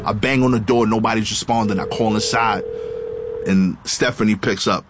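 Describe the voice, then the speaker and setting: A man telling a comic story in a lively, casual, punchy way. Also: fairly low pitch, moderate pace, over music.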